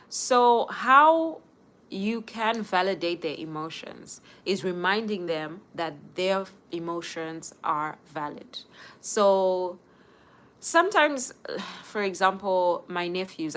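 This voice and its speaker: A young woman hosting a casual live stream speaks earnestly, giving advice directly to her viewers. Her voice is on the low side with a fairly bright tone.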